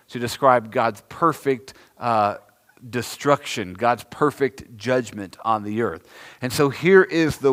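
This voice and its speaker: A man's voice: mid-range voice, slow pace, fairly bright tone. A man with a Southern American accent preaching a sermon in a conversational teaching manner, stretching out repeated words for emphasis. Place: church sanctuary. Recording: long reverb of a church sanctuary.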